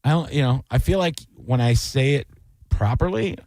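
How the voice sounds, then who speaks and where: A man's voice: medium pitch, animated, moderate pace, a little mellow, no echo. A man hosting a radio show, rambling and joking in casual banter with plenty of fillers. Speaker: radio host.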